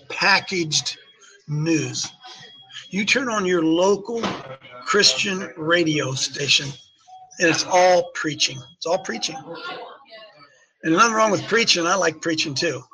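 A man's voice: on the high side, measured pace, long pauses, sharp tone, poor audio. A man hosting an opinionated talk show, emphatic, repeating his points and firing off rhetorical questions at his listeners. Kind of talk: opinionated talk radio commentary.

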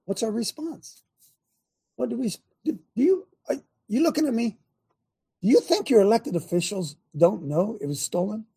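A fired-up man hosts his own political talk show, firing the same rhetorical questions at his viewers. His voice is high for a man and gravelly, with a mellow, husky tone. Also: expressive, normal speed. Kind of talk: animated political commentary to viewers.

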